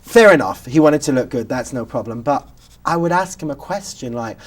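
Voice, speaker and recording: Lively British man telling stories. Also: medium pitch, brisk. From Britain. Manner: animated storyteller who acts out quotes. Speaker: talk show host. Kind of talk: casual chat, telling anecdotes.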